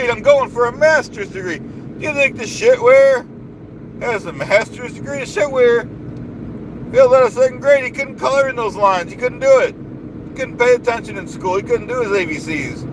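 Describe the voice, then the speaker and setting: A man's voice: very high voice, noisy background. A man ranting on a live stream, boastful and indignant, repeating himself over and over.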